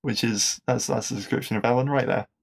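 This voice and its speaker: A man hosts a casual podcast, talking at a middling pitch with a gravelly, creaky edge to his voice. He rambles along with plenty of fillers and restarts. He chuckles at his own jokes as he goes. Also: steady tone, a little fast. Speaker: podcast host. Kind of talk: casual episode review.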